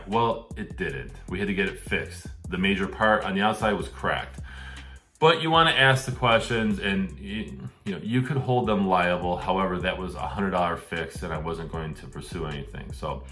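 Male host, middle-aged, low-pitched, chatty advice delivery that acts out buyer questions. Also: fairly bright tone. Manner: conversational, acts out questions to sellers. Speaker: real estate show host. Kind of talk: casual advice talk.

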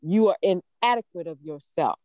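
A woman preaches a sermon in a fairly low, expressive voice at normal speed, with a warm tone and no echo. She's fervent and emphatic, repeating phrases for stress and letting out emotional laughs.

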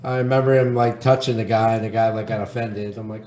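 A man's voice: lowish voice, steady tone, fast talker, a little mellow. A man in casual chat who laughs often between his remarks. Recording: echoey room with faint noise.

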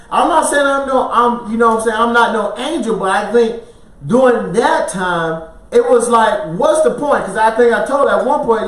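A man's voice: very high voice, a bit bright. A man co-hosting a podcast, telling a personal story in casual chat, acting out quotes and laughing often. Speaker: podcast co-host. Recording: roomy sound, mic at a distance.

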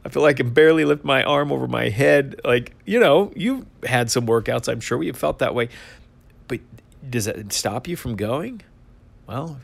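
Energetic man giving a motivational talk. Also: fairly low pitch. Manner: energetic, coaching tone with repeated exhortations. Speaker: insurance agency leader. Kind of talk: motivational talk to sales agents.

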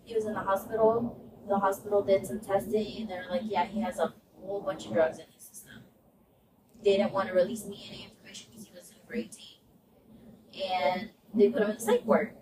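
Woman telling a story over loud road noise. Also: mid-range voice, brisk. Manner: animated, acts out quoted voices. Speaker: podcast host. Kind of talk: casual storytelling. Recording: roomy, distant, loud vehicle noise.

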